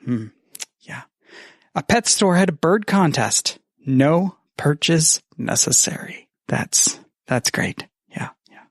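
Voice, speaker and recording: A man recording a message for a friend, reading bad puns in a deadpan, self-mocking way and swearing casually. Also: fairly high pitch, slow, no echo, studio quality. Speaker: podcaster sending a message. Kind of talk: recorded message, joking monologue.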